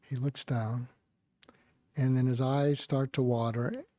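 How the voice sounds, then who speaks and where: Older male guest, mellow and dry, soft reflective storyteller. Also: medium pitch, steady tone, slow pace, no room sound. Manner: gentle, reflective storytelling with soft quoted asides. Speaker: psychiatrist guest. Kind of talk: storytelling in conversation.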